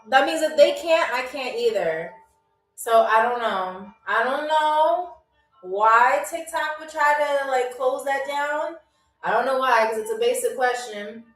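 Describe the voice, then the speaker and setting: High-voiced chatty woman livestream host. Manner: chatty, teasing, reads viewer comments aloud. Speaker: game show host on a livestream. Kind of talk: casual live-stream chat. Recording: roomy echo, distant from mic, faint music.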